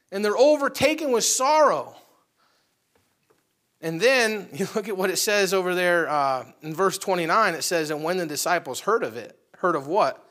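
Male pastor, high and bright-toned, conversational sermon delivery, animated with sudden loud and soft swings. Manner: animated, swings between loud outbursts and quiet asides; conversational preaching, addresses the congregation directly.

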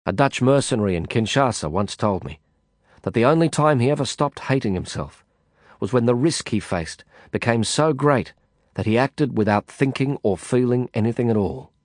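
Low-voiced man narrating an audiobook. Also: no room sound, clean studio sound. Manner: measured, reflective, unhurried. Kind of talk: scripted first-person narration.

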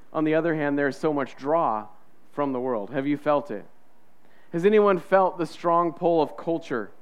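A man preaching from the pulpit with a high, bright voice. His tone is smooth and clear. He talks to the congregation in a chatty way and slips into quoted voices to act out what people think. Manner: conversational, acts out quoted inner voices. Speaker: pastor. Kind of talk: sermon.

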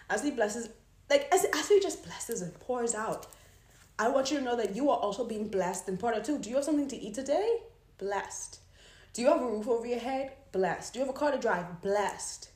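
A young woman telling a story in a casual devotional talk, animated and laughing as she goes. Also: on the high side, echoey room. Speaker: Christian vlogger.

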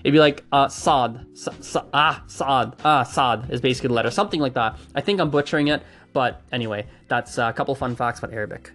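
A man's voice: medium pitch, quick pace, hardly any pauses, fairly bright tone. A man casually explaining pronunciation facts, chatty and hedging, trying out sounds aloud as he goes. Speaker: language enthusiast explaining pronunciation.

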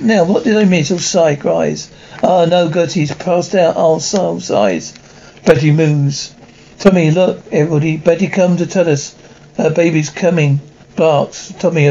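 A man's voice: on the high side, dark tone. Man voicing a whole cartoon cast, lo-fi. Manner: switches rapidly between character voices and sound effects. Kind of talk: one-man comic voice acting of many characters.

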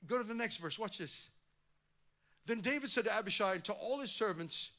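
A man's voice: sits high, animated, brisk, sharp tone. A male pastor preaching a sermon with impassioned, rising emphasis.

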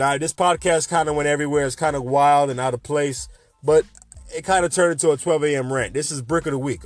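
A man's voice: on the high side, no room sound. A man in his twenties hosting a podcast, rambling through a late-night rant in a jokey, sarcastic way. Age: 20s. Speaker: podcast host.

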